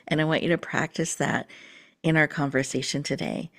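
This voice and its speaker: A woman host leading a slow, soothing guided breathing meditation, sometimes dropping to a whisper. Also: sits low, fairly even intonation, creaky.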